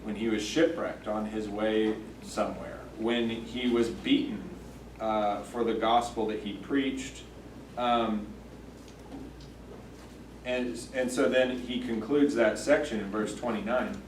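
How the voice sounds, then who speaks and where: A man teaching a church Sunday school class, thoughtful and halting, with many fillers and restarts. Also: on the low side, fairly even intonation, slight background noise. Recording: echoey room, mic far off.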